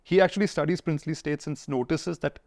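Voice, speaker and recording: A man's voice: a little high, vocal fry. A man, telling history stories in an interview and acting out the people he quotes. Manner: fast, animated storyteller acting out quoted figures. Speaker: historian guest. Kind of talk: conversational storytelling interview.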